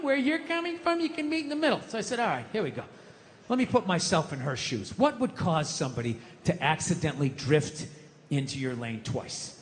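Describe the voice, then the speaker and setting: Middle-aged male stand-up comic, profane ranting delivery, high and bright, long hall reverb. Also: slight background noise. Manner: ranting, profane, animated storytelling. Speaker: stand-up comedian. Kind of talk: stand-up comedy routine.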